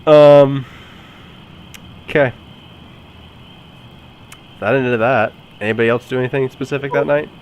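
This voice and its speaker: A man running a tabletop game as dungeon master, chatty and quick to laugh. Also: mid-range voice, fairly even intonation, darkish tone, low-quality recording. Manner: laughs often, loose and chatty.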